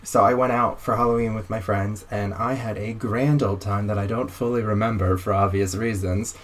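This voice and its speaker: A young man in a casual conversation, telling a personal story in a wry, animated way and acting out the voices of the people he talks about. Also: fairly low pitch, moderate pace, slight background noise. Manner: animated, wry storyteller who acts out quoted exchanges.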